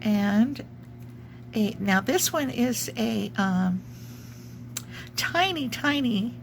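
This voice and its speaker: A junk journal crafter with a medium-pitched, creaky voice casually shows off her work, speaking extremely slowly. She rambles, hunts for words with many ums, and has the hiccups, with a little hiss or hum in the audio.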